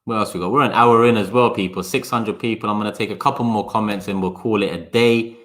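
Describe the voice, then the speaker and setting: With a low, steady, fairly bright voice, a man runs a casual live-stream chat, speaking to viewers by name. He fires off fast bursts, slipping into sarcasm and cursing.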